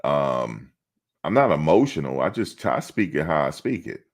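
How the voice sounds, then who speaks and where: A man's voice: very deep voice, big pitch swings, moderate pace. A middle-aged man hosting a sports channel, chatting casually on a live stream and answering his chat in a blunt, streetwise way.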